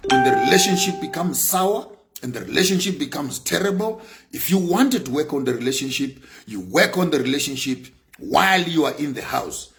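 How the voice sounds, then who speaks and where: Emphatic gravelly man. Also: on the high side, fairly bright tone. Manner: repetitive and emphatic, building to raised bursts. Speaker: speaker on sanctions. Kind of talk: impassioned speech.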